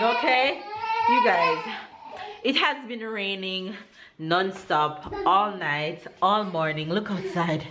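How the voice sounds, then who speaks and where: Slow-talking upbeat Jamaican woman vlogging. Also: mid-range voice, heavy background noise. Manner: upbeat and motivating, laughs often. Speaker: vlogger and mother. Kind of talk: casual home vlog chat. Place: indoors at home. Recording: roomy echo.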